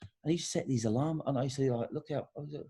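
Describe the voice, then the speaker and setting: Middle-aged ex-player, quick, chatty guest who tells stories and acts out the quotes. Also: male voice, mid-range voice, warm tone, slightly rough. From England. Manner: anecdotal storytelling, acts out quotes. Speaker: former footballer, guest. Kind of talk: casual interview chat.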